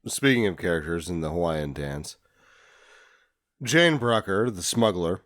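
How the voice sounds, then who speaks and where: A man's voice: low-pitched, big pitch swings, measured pace, fairly bright tone. A man co-hosting a casual movie podcast, sharing trivia and dry jokes. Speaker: podcast co-host. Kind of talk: casual comedic movie chat.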